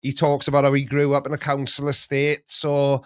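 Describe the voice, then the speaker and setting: A man's voice: medium pitch, completely flat delivery, moderate pace, clear, resonant tone, dry recording. A middle-aged man hosting a live stream, chatting casually and rambling between stories, chuckling at his own jokes.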